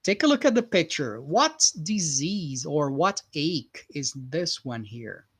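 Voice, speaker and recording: A man teaches English in a live online class. He goes slowly and patiently, repeats each word, and keeps checking in with his students. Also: a little high, very animated, a bit bright, breathy edge. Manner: patient, repetitive, checks in with "right?" constantly.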